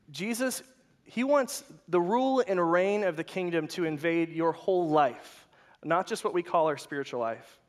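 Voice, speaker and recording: A man giving a sermon as a guest speaker at a worship night, lively and repeating his questions, with frequent restarts. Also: high voice.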